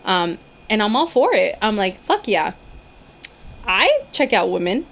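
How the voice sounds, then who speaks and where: A woman's voice: medium pitch, big pitch swings, a little slow, vocal fry, a bit bright. A young woman talking frankly as a podcast guest, blunt and swearing freely in casual chat.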